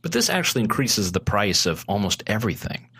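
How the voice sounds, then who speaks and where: Male guest, lowish voice, earnest persuasive talker, casual podcast chat. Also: big pitch swings, a little fast, bright, forceful tone, slightly rough. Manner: earnest, persuasive, lots of restarts. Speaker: guest, consumer advocate.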